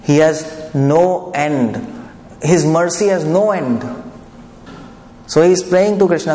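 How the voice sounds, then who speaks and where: Speaking slowly and pausing often, a male preacher with a warm, fairly high voice gives a conversational devotional lecture and keeps putting questions to the audience. The recording is from an echoey hall, with faint noise in the background.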